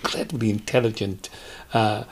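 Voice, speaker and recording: A man with a Welsh Valleys accent, chatting as a guest and telling stories in an animated way. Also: fairly low pitch, moderate pace, a little hiss or hum. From Wales. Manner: animated storyteller, hesitant restarts, does voices. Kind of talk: casual chat.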